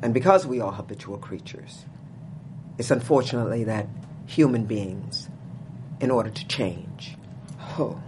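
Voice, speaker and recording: Profane, animated woman storyteller with hum. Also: a little slow, pauses often. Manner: profane, animated, wide swings from low murmurs to loud exclaims. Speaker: interview guest. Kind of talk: storytelling in conversation.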